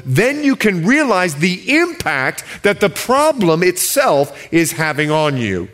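Animated preaching pastor, a man. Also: high-pitched. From Bahamas. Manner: emphatic preaching, stretching key words slowly; jokes with the congregation. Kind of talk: sermon.

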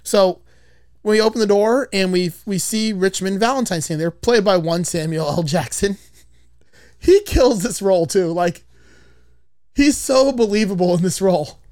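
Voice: medium pitch, normal speed, darkish tone, no room sound, clean studio sound. A podcast host casually retelling a movie's plot, rambling with frequent swearing.

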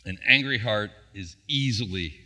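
Middle-aged guy pastor preaching, asks the crowd questions, sharp bright voice, echoey church. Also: on the low side, moderate pace. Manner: conversational preaching with rhetorical questions. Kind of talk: sermon. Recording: church hall reverb.

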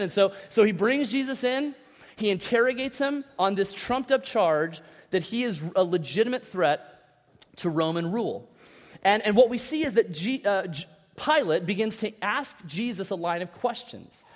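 A man preaching a sermon as pastor, in a conversational style with animated asides and repeated words. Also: high-pitched, normal speed. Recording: long reverb of a large hall.

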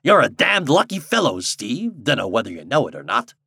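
A man voicing a gruff old dockhand who chews tobacco and drawls in slang. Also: medium pitch, huge pitch swings, brisk, bright, forceful tone, no room sound, studio quality, pitched above the performer's own voice, full character voice. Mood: sly.

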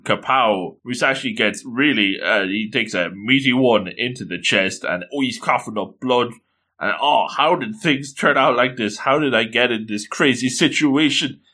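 Here a young narrator summarizes a manga story with plenty of excitement, pushing his pitch upward whenever he exclaims. He slips into the characters' voices for their quoted lines in fast asides.

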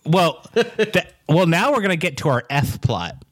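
A man's voice: a little high, big pitch swings, a little slow, dry recording, clean studio sound. Joking male podcast co-host. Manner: joking, riffing with tangents. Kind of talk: casual comedic podcast chat.

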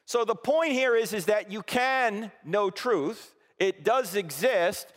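In a church auditorium with a big-room sound, a man preaches a slide-supported sermon to his congregation, speaking emphatically, posing rhetorical questions, and acting out the voices he quotes. His voice is high and his pace slow.

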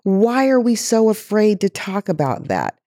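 A woman's voice: medium pitch, wildly swooping pitch, measured pace, warm tone, no room sound, clean studio sound. A woman guest in an interview, speaking with passion and asking emphatic rhetorical questions. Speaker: guest, chief diversity officer. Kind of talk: interview conversation.

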